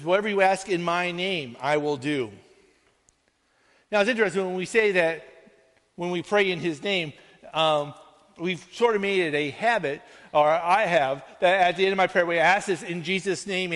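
High-voiced pastor preaching in a reverberant hall. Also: male voice, normal speed, a bit bright. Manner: earnest, conversational preaching with frequent "right?" asides. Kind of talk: sermon.

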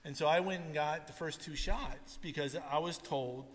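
A man's voice: fairly high pitch, moderate pace. A male pastor preaching a sermon, telling stories and acting out what people said. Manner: animated storytelling, acts out quotes. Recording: long hall reverb.

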